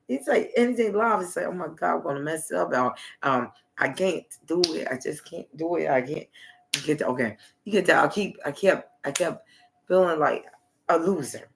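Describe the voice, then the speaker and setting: A man's voice: a little high, a bit bright. Rambling man talking on a livestream. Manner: rambling, repetitive, trailing off mid-sentence. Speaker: livestream host.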